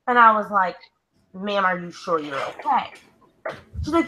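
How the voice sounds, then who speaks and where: Young woman chatting, bright voice, says like every other word. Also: mid-range voice, big pitch swings, moderate pace, pauses often, dull audio. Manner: says "like" constantly, storytelling. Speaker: co-host. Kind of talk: casual chat.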